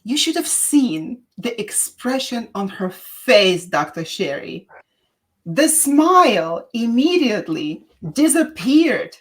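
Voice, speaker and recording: A woman from Russia with a Russian accent, chatting as a guest and telling stories in an emphatic, animated way. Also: fairly high pitch, slow pace. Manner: animated storyteller, emphatic, with filler restarts. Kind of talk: casual chat.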